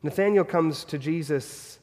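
A man's voice: a little high, unhurried, a little mellow, big-room sound. A man preaching a sermon as pastor, earnest and fond of repeated rhetorical questions.

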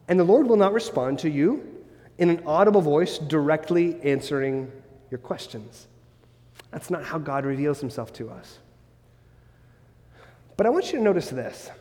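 A man preaching a sermon as the church's pastor, earnest and building his points through strings of rhetorical questions. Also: on the high side. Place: church sanctuary. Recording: long reverb of a church hall.

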